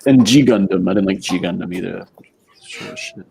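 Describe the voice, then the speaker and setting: A man's voice: wildly swooping pitch, a little fast, vocal fry, warm tone, a little hiss or hum. A man chatting casually on a model-building livestream, laughing often and talking bluntly and crudely. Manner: laughing, blunt and crude, pitch jumps around. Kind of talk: casual chat.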